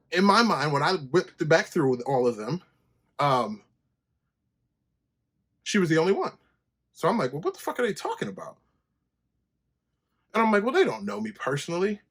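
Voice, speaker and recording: Animated, profane man telling a story. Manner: animated storytelling, profane, jumps to high pitch when quoting himself. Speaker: podcast host. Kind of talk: casual solo podcast monologue.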